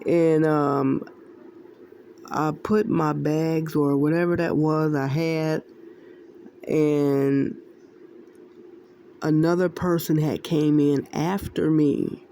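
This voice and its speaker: Slow gravelly woman telling dreams. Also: deep voice, fairly even intonation, mellow, slight background noise. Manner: rambling, repeats phrases, often laughs. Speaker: Christian video creator sharing dreams. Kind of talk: casual testimony to viewers.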